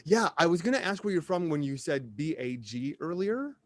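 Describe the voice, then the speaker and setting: A man's voice: a little high, normal speed, no echo. Chatty man with a Wisconsin accent. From Wisconsin, USA. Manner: animated, chatty storyteller. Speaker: podcast guest. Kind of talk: casual chat.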